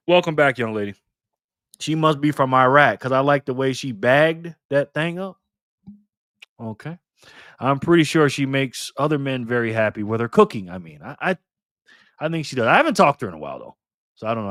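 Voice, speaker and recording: A man's voice: medium pitch, a bit bright, dry recording, studio quality. A man hosting a casual live stream, chuckling and greeting viewers by name as he reads their comments aloud.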